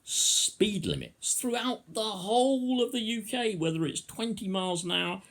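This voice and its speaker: A man's voice: high-pitched, very animated, a little slow, fairly bright tone. A man giving a sarcastic, mock-rhetorical opinion monologue, stretching out words for emphasis.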